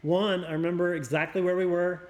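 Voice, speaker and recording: A middle-aged man from Oregon, a youth pastor, telling family stories in a casual conversation, reflective and a little halting, often repeating words. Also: high voice, little pitch movement, darkish tone.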